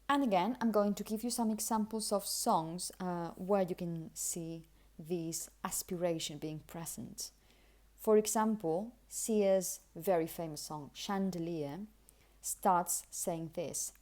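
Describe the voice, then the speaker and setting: In a slow, mellow voice on the low side, a Spanish-accented woman whose native tongue is Spanish guides learners through English pronunciation, explaining carefully and repeating example words.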